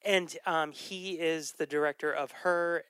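A podcast host chatting casually about films, loose and digressive with frequent laughs and ums. The voice is bright and smooth, recorded dry and close with no room sound. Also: medium pitch, fairly even intonation, unhurried, no room sound. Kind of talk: casual movie chat.

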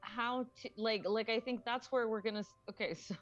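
A woman's voice: a little high, fairly even intonation, fairly quick, highs cut off. Rambling woman podcast co-host. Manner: rambling, filler-heavy, swears freely. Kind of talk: casual chat.

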